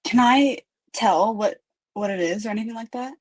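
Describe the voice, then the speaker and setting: A woman playing a tabletop game, excitable and gushing over her dice rolls. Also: fairly high pitch, moderate pace, no room sound. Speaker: player. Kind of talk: casual chat at the game table.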